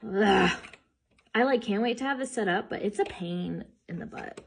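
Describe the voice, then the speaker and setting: A young woman talks her way through building furniture at home, chatty and openly exasperated, tossing in the odd swear word. Her pitch sits in a middle range for a woman, and clear clicking and tool noises run behind her voice. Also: normal speed, slight background noise. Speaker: vlogger. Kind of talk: casual chat while assembling furniture.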